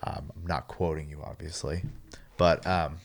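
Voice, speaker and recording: A man with a very deep voice chats about video games as a podcast co-host. He talks in an easygoing, agreeable way and uses plenty of fillers. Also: flat delivery, moderate pace.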